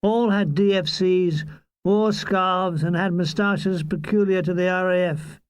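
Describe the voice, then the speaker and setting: An older man reads his own war memoir in a wry, deadpan way. His voice sits high, and he takes his time. The recording is close and dry. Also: unhurried, smooth, no echo. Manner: wry, deadpan comic delivery. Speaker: author reading his memoir. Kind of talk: audiobook memoir narration.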